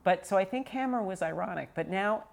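A woman hosting a casual interview, telling stories in a chatty, animated way. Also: medium pitch, a little fast, gravelly. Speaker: host.

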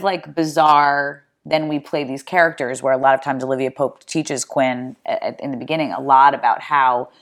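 A woman chatting casually as a podcast guest, bubbly and laughing often, telling rambling run-on stories. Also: low-pitched. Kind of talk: casual chat.

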